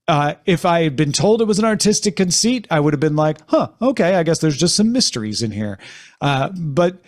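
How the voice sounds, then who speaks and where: A man hosting a casual TV discussion podcast, talking animatedly with playful jumps in his voice. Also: fairly high pitch. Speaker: podcast host. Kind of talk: casual chat.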